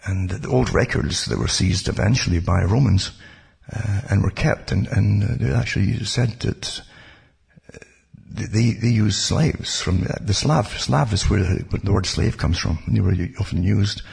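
A man's voice: lowish voice, a little slow, vocal fry, darkish tone, husky. A man giving a rambling, casual talk about history, full of digressions and asides. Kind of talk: casual spoken history monologue.

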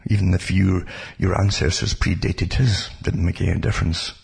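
Man, very deep voice, heavily gravelly and husky, rambling casual history talk. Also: fairly even intonation, moderate pace, a little mellow. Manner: rambling, digressive, asides like "you see". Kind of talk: casual spoken history monologue.

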